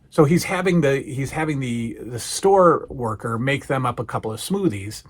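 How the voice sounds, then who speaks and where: A man's voice: medium pitch, expressive, normal speed, hardly any pauses, breathy edge. A man hosting a podcast, retelling a show in an enthusiastic, casual review and often restarting his words. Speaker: podcast host.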